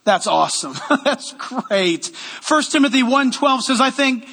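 A man preaching a sermon as pastor, energetic and loud, with joking asides to the congregation, in a church sanctuary. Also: very high voice, measured pace, slightly rough, long reverb tail.

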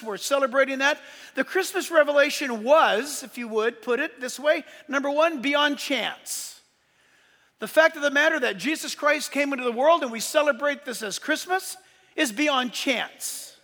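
A man's voice: very high voice, sharp tone. A man preaching a sermon as pastor, emphatic, sometimes speeding up and raising his voice. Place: church. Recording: long reverb of a church hall.

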